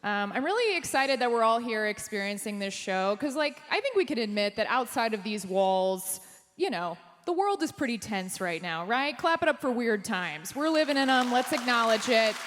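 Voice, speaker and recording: Woman doing stand-up in a hall. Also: normal speed. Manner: deadpan punchlines, jumps high for quoted voices. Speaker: stand-up comedian. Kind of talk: stand-up comedy set. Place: theater stage before a live audience. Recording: live stage mic with hall reverb.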